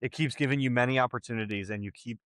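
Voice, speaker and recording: Teasing young podcast co-host. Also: male voice, mid-range voice, fast talker, fairly bright tone, dry recording. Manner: teasing, easy banter. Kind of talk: casual chat.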